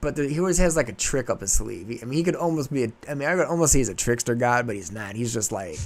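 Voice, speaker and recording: Male podcast host, animated, rambling retelling of a myth. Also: mid-range voice, fast. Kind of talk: casual storytelling chat.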